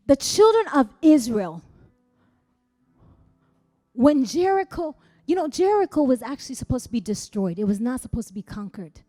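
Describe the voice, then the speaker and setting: High-pitched, animated woman pastor preaching. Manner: preaching with rising shouts and dramatic pauses. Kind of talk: sermon. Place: church hall.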